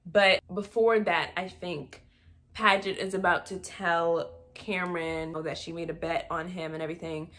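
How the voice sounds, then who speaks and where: A woman's voice: on the low side, steady tone, moderate pace, a bit bright. A young woman casually recapping a movie for her channel, full of sarcastic, laughing asides. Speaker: movie review vlogger.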